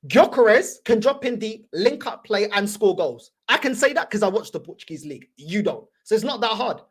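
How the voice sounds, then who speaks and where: A woman's voice: mid-range voice, animated, moderate pace, breathy edge. A woman hosting a fan channel, ranting heatedly in slangy, repetitive reaction commentary.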